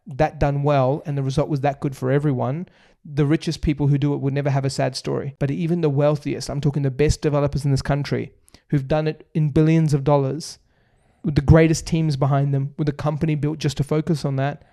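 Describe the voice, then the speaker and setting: Rapid, emphatic man. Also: fairly high pitch, level tone, dark tone. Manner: emphatic, lists points in quick runs. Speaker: buyer's agency founder, guest. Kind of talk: fast explanatory podcast talk.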